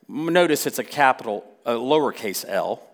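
A man's voice: medium pitch, animated, moderate pace. A man preaching a sermon, impassioned and building repeatedly to emphatic peaks. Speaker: pastor.

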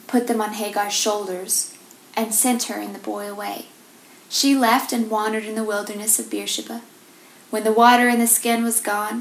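A woman giving a devotional talk, reading scripture and reflecting on it in a measured, gentle way. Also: on the high side, vocal fry. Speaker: devotional speaker. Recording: roomy echo.

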